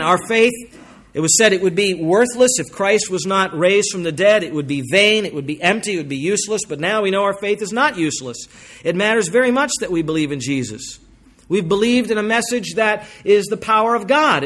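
A man preaching a sermon as pastor, emphatic, slowing down to stress key phrases and swinging between forceful and quiet passages. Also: sits high.

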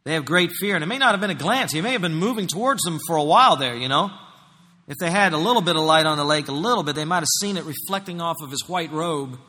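Pastor guy preaching, bright ringing voice, big swings loud to soft, long hall echo. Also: fairly high pitch, expressive, quick pace. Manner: preaching with sweeping swings between loud and quiet. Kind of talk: sermon.

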